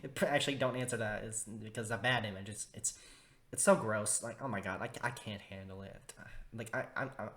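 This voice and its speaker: A man's voice: lowish voice, a little fast, fairly bright tone. A young man reviewing a cartoon episode in a casual, rambling way, full of fillers and restarts, with exaggerated disgust. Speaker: video reviewer.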